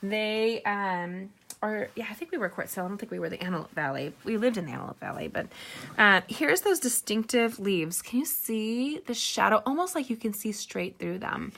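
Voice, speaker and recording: A woman's voice: mid-range voice, animated, moderate pace, creaky, a bit bright. A middle-aged woman hosting a casual live card-making tutorial, chatty and rambling with personal asides.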